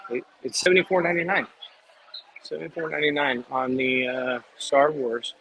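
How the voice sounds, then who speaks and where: A man's voice: mid-range voice, fairly even intonation, creaky, sharp tone, a little hiss or hum, poor audio. A man hosting a casual walking livestream, chatty and rambling, from a shop in a theme park. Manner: rambling, chatty, quick asides. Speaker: livestream host.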